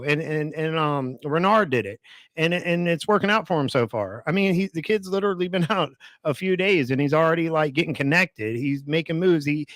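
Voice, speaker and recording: A man with a fairly high voice co-hosts a casual podcast. He speaks earnestly and encouragingly, straight to the people listening. The sound is dry and close. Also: fairly bright tone, dry recording. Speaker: podcast co-host.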